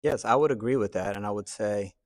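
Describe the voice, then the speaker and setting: A man teaching a class, thinking aloud in a reflective way with pauses. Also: fairly low pitch, darkish tone. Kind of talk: classroom discussion.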